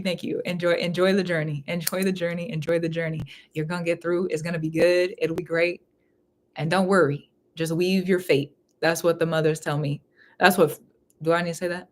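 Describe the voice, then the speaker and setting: A woman giving a live spiritual reading in casual chat, who laughs often and repeats phrases. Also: lowish voice. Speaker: spiritual reader.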